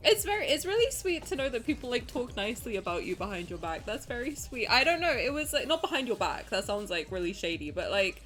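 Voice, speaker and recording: A young woman chatting casually on a live stream, bubbly and warm with her viewers, greeting them one by one. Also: medium pitch, big pitch swings, fast, hardly any pauses, faint music behind.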